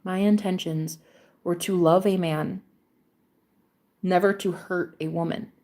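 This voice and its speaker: A woman's voice: lowish voice, fairly even intonation, unhurried, warm tone. A young adult woman hosting a livestream, talking casually and bluntly, swearing freely and getting emotional. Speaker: livestream host.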